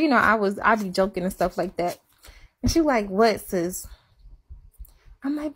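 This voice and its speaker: A woman chatting casually and confessionally, rambling and repeating herself, sometimes dropping to a hush. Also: mid-range voice, expressive, normal speed, pauses often, husky. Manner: rambling, repeats herself, soft and hushed at times. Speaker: live-stream chatter.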